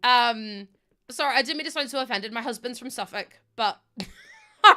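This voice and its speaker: Chatty Northern Irish woman, bright voice. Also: a little high, moderate pace. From Northern Ireland. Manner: chatty, laughs often, rambling asides. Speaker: game streamer. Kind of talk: casual live-stream chat, greeting viewers.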